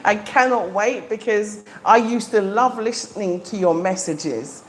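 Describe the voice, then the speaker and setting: A woman's voice: mid-range voice, unhurried, a little hiss or hum. A middle-aged woman hosting a live stream from her home, chatting casually and enthusiastically to viewers with frequent ums. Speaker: livestream host. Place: home in the Gambia.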